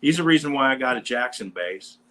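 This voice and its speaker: A man hosting a casual show, telling a rambling, animated anecdote about meeting a band. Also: mid-range voice, a little fast, poor audio. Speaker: podcast host; bass player in a metal band. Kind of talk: casual storytelling chat.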